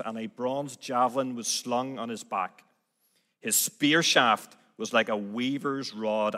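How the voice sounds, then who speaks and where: A man with a Northern Irish Belfast accent preaches a sermon, his bright, clear voice carrying through a large church hall. He reads scripture with gentle, self-deprecating ease, and the long reverb trails every phrase. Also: mid-range voice. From Northern Ireland. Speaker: guest preacher.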